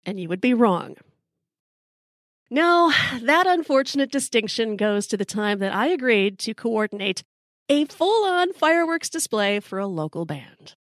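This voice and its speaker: A woman's voice: medium pitch, no echo, studio quality. Wry woman telling a story. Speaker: podcast host.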